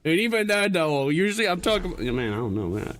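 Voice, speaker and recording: A man's voice: high voice, big pitch swings, fairly quick, fairly bright tone, slight background noise. A man streaming as a VTuber, chatting casually in a rambling, joking way and correcting himself as he goes, with lots of stammered restarts. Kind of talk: casual livestream chat.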